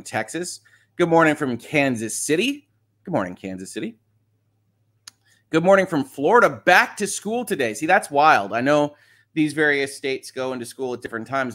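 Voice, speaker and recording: A man's voice: medium pitch, fairly bright tone. A middle-aged man hosting a casual morning livestream, reading viewer comments aloud and chatting about them with frequent laughs. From Michigan. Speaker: livestream host.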